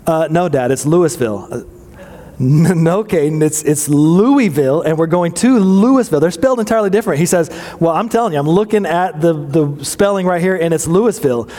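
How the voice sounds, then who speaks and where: A man's voice: on the high side, brisk, warm tone. A man in his forties telling family stories in a folksy, joking sermon, often asking the audience questions. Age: 40s. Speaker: pastor. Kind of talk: casual sermon storytelling. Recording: long hall reverb.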